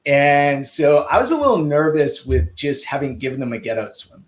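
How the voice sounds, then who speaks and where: A male swim coach as a podcast guest, telling anecdotes casually and acting out quoted dialogue, with halting restarts on heavy moments. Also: on the high side, low-quality recording. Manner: lively, acts out quoted dialogue.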